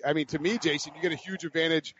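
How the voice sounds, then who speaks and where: A man co-hosting a sports podcast, lively as he rattles off betting numbers. His voice is a touch high, and the sound is dry and a little dull. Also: racing, slight background noise. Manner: lively, laughs at his own jokes, rattles off stats. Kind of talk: casual sports podcast banter.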